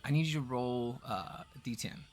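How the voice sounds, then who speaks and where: A man at mid pitch narrating a tabletop game as game master. He talks in a relaxed, rambling way and fills his sentences with ums and likes. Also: normal speed, faint music behind. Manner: relaxed, rambling, lots of fillers.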